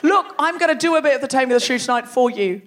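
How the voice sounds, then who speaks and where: A woman hosting a comedy podcast live on a theatre stage, teasing the audience in animated crowd work. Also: high-pitched, rapid-fire. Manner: teasing, animated, laughing between jokes. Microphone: stage microphone.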